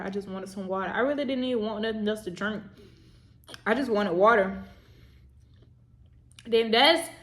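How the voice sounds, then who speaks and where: A young adult woman vlogging in a casual, rambling chat to the camera, repeating herself and talking straight to her viewers. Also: mid-range voice. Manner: rambling, chatty, repeats herself, says "y'all".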